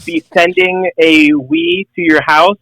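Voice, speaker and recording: A man's voice: sits high, steady tone, takes it slowly, fairly bright tone, low-quality recording. A young man co-hosting a podcast in casual chat, jokey and full of filler words. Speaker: podcast co-host.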